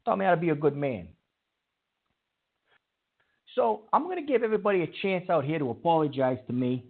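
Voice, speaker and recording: A man hosting a call-in show, his voice sitting a little high and gravelly. He rambles and keeps restarting his sentences. The whole thing sounds tinny, like a phone line. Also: big pitch swings, a little fast.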